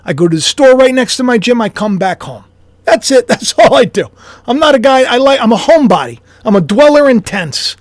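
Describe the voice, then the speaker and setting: A man's voice: very high voice, lively intonation, brisk, no echo. A man, a YouTuber and author, rambling through a casual speculative monologue at home with self-deprecating asides and chuckles.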